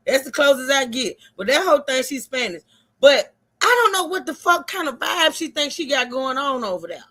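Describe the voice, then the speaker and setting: High-voiced woman livestreamer, loud and laughing, cussing through her commentary. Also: normal speed. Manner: loud, laughing, profane, animated storytelling. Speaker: streamer host.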